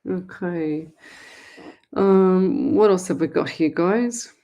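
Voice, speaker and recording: A woman's voice: fairly low pitch, slow pace, warm tone. Chatty woman giving psychic readings. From Australia. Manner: rambling, chatty, many restarts, talks straight to viewers. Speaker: psychic medium host. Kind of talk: live call-in psychic reading show.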